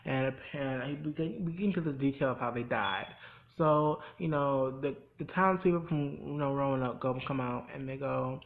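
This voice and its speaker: A man's voice: medium pitch, moderate pace, vocal fry, rough recording. A young man hosting a casual recap of a TV episode, chatty and full of sassy asides. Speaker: host.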